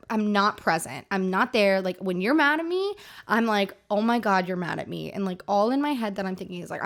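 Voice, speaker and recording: A woman's voice: mid-range voice, fairly bright tone. Rambling, chatty young-sounding woman. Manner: rambling, heavy use of "like", frequent restarts. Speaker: podcast co-host. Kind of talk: casual chat.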